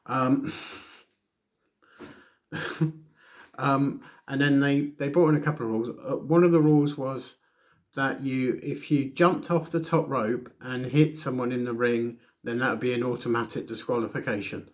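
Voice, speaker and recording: A man's voice: medium pitch, steady tone, measured pace. A man casually reviewing a wrestling show on his own, rambling, correcting himself and making sarcastic asides.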